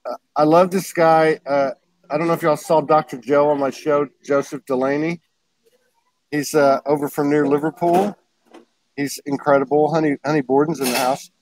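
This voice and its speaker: A man's voice: a little high, level tone, normal speed, darkish tone, no echo, rough recording. A man hosting a casual livestream chat over a video call, talking in a rambling way and laughing often. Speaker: host.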